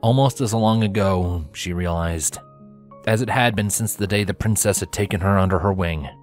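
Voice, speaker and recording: A man reading fanfiction aloud in steady storytelling narration. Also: sits low, moderate pace, soft background music. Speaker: fanfiction reader. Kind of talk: scripted narration.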